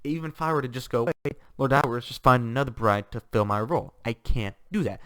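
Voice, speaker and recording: A man's voice: mid-range voice, fast, fairly bright tone, clear, resonant tone, no room sound, clean studio sound, natural voice. A man voicing a selfless young noblewoman knight who refuses firmly and with resignation. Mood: resolute.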